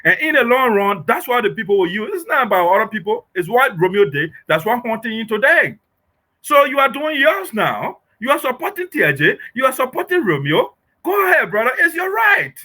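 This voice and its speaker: High-voiced man, impassioned commentary. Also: sing-song, brisk, sharp tone. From Liberia. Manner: emphatic, rhetorical, repeating "okay?". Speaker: political commentator.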